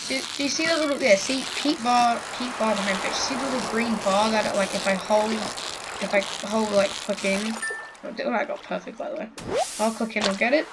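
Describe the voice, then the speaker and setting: A woman giving rambling, chatty commentary while playing a farming video game, full of likes and restarts, with loud game music behind her. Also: a little high, normal speed, very noisy. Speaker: gaming video creator. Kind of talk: let's play commentary.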